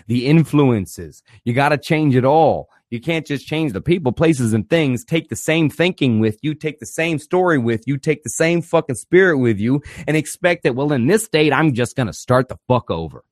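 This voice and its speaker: A man's voice: mid-range voice, normal speed, hardly any pauses, dry recording. Guy ranting on his podcast, swears every other word, blunt counselor vibe, dry close mic. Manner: blunt, swears constantly, mocks therapist clichés; fervent and emphatic, swings loud and quiet. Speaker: podcast host giving counsel. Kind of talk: blunt profanity-laden monologue.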